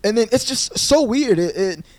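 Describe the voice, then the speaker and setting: Animated young man telling stories. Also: high-pitched, normal speed, dry recording. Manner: animated storytelling, swearing, laughing. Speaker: podcast host. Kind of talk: casual chat. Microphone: podcast microphone.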